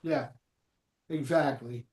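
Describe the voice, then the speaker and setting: A man's voice: medium pitch, slow. A man in his fifties hosting a live show, talking in a loose, joking, rambling way with lots of fillers. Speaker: host. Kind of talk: casual live show chat. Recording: echoey room.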